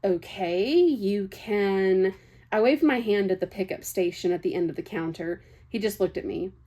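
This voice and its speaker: A woman's voice: on the low side, a little fast, dark tone, slightly rough. Young woman reading a novel aloud. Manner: chatty, laughs and breaks off for casual asides. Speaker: book reader.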